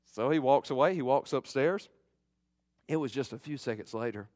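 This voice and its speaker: A middle-aged male pastor giving a fervent sermon, swinging from loud emphasis to hushed appeals. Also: mid-range voice, moderate pace, no room sound, studio quality.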